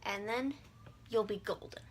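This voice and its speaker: A woman's voice: medium pitch, unhurried. A young adult woman giving a casual video lesson, breezy and irreverent, sounding out vowels and words as she explains. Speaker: language teacher.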